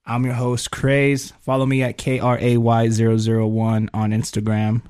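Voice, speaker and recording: A young man hosts a podcast in easy, loose chat. His talk is slangy and relaxed, with swearing dropped in casually, at a middling pitch. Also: moderate pace, smooth. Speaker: podcast host.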